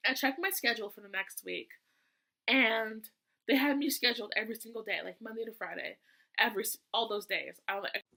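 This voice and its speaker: A woman's voice: on the high side, fairly quick, gravelly, sharp tone. A young woman and student telling a storytime vlog in a chatty, exasperated way, with sassy asides. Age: young adult. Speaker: vlogger. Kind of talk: casual storytime.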